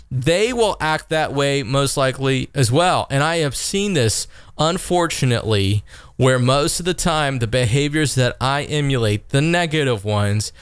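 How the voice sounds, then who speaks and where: A man in his thirties hosting a podcast, telling a self-deprecating story in a casual, animated way. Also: mid-range voice, smooth, dry recording, studio quality. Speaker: podcast host.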